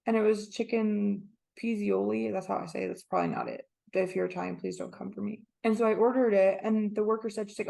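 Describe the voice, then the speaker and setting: A woman's voice: medium pitch, steady tone, fast, creaky, few pauses, mellow. A young woman co-hosting a podcast, telling stories in casual chat and acting out what people said. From Orlando area. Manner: chatty storytelling, acts out quotes. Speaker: podcast co-host.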